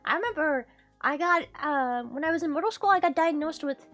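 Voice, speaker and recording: A woman's voice: high-pitched, lively intonation, fairly quick, fairly bright tone, soft background music. A woman streaming a game, chatting casually, swearing freely and laughing often. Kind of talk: casual gaming stream chat.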